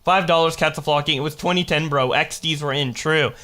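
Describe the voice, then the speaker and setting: A man's voice: a little high, fairly even intonation, brisk, sharp tone. A man giving casual live-stream commentary, rambling through chat logs and mocking the quotes as he reads them aloud. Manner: rambling, restarts while checking dates.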